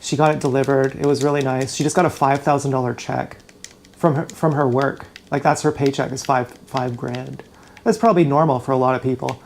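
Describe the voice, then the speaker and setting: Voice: mid-range voice, fairly even intonation, brisk, vocal fry, a little hiss or hum. A YouTuber venting in an emotional vlog, agitated, profane and rambling, fired up and upset, talking into a GoPro camera while streaming live indoors.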